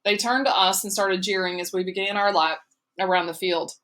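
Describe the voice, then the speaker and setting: A woman reading a novel aloud as an audiobook narrator in a steady, measured way. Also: mid-range voice.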